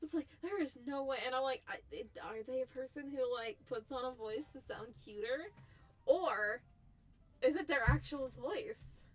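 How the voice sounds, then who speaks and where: A woman VTuber chats casually with her viewers on a live stream in a high-pitched, slightly slow voice. She giggles, rambles and often breaks off mid-sentence.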